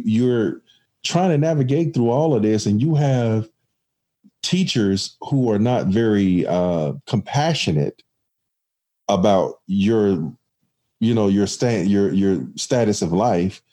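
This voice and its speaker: A man's voice: fairly low pitch, mellow. A man in casual conversation, reflective and storytelling, with many restarts.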